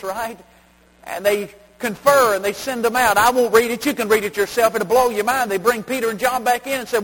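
A pastor preaching a sermon, telling a story in a folksy way and rising to shouting. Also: male voice, high-pitched, fairly quick. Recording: hall reverb, faint hum.

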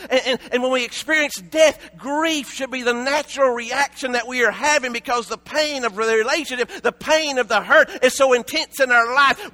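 A man preaching a sermon with passion, often raising his voice to a shout and repeating words in quick bursts. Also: very high-pitched.

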